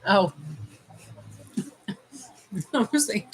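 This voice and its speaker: A woman's voice: lowish voice, expressive, a little slow, long pauses, pushed and bright, slight background noise, rough recording. A middle-aged woman from Canada doing a casual livestream as a life coach, chatting with viewers while tasting candies and giving advice.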